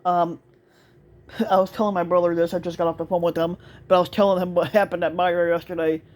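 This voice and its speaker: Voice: medium pitch, flat delivery, a little fast, darkish tone. A store cart attendant telling a work story in a casual monologue, rambling with lots of fillers, restarts and swearing.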